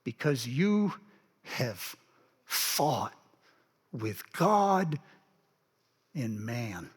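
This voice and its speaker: A male pastor voicing a mysterious stranger, speaking low and hushed. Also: sing-song, very slow, slightly rough, exaggerated voice. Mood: solemn. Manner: hushed, solemn. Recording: long reverb of a church sanctuary.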